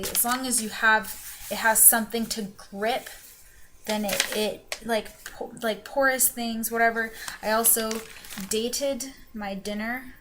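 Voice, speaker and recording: A young adult woman vlogger with a medium-pitched, fairly bright voice rambles to her webcam in casual chat. Her accent slips between New York and the Carolinas, and she's chatty and loose, full of ums and restarts. A faint hiss of background noise sits under the recording.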